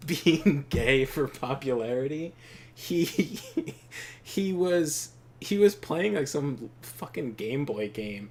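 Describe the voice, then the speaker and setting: A man's voice: medium pitch, darkish tone, slight background noise. A man hosting a co-op gameplay video, telling stories in a rambling, profane way and laughing often. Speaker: co-op gameplay host. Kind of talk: casual storytelling chat.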